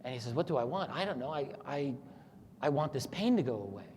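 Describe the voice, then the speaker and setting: A man's voice: medium pitch, expressive, fairly quick, darkish tone. A man giving a lecture who retells a story in an earnest way and acts out the quoted thoughts. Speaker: speaker at a talk. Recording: echoey hall with faint noise.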